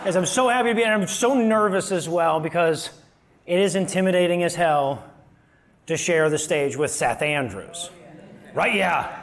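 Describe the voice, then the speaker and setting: A man's voice: a little high, moderate pace. A man giving a joking, self-deprecating stand-up style talk from a live stage as a guest speaker. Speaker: guest speaker, activist and podcaster. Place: live stage before an audience.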